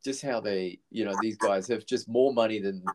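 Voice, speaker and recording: This man speaks in a lowish voice at a moderate pace, with background noise behind him. Co-hosting a podcast, he keeps the movie chat relaxed, full of swearing, and often restarts as he rambles.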